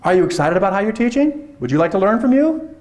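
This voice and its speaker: A man presents a workshop to teachers in a lively, conversational lecture. His voice sits fairly high, and he keeps slipping into quick put-on voices to act out the teachers he talks about. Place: lecture hall.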